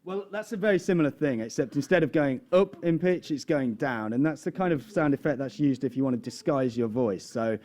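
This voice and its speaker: A man's voice: mid-range voice, a little fast, few pauses, darkish tone. A man explaining sound demos to a live audience as a guest expert, chatty with fillers.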